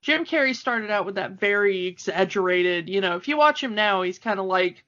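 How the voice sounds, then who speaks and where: A woman's voice: medium pitch, lively intonation, moderate pace, a bit bright. A woman co-hosting a podcast in casual chat, talking freely with frequent fillers and laughs. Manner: chatty, laughing often, many fillers. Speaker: podcast co-host. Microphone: home microphone, remote call. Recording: dull lo-fi audio.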